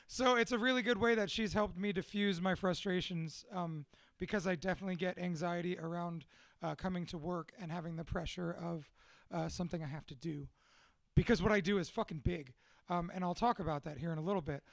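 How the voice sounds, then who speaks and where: Man, high voice, dry sound, profane, excitable, casual talk to a room. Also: brisk, no echo. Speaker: tattoo studio owner hosting a gathering. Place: room with an audience.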